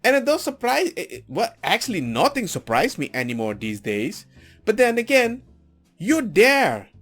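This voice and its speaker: Man, commentary rant, mocking asides, soft music under the voice. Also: high voice, normal speed. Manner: animated, rambling, mocking asides. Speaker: political commentator. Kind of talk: ranting commentary.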